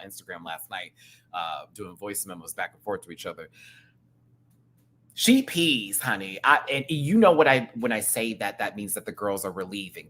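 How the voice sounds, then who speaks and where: A man reviewing a reality show in an excited, casual rant, full of slang and profanity, jumping between loud outbursts and low asides. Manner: playful drag slang, profanity.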